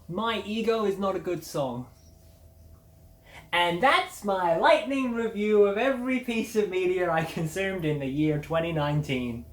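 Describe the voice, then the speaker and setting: A woman hosting a casual media review, blunt, sardonic and full of swearing. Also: lowish voice. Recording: roomy echo.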